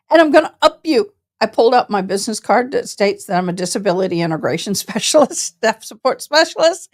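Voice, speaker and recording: Animated woman telling a story. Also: high voice. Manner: animated, colloquial, acts out other people's voices. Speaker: service dog handler. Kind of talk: casual storytelling to camera.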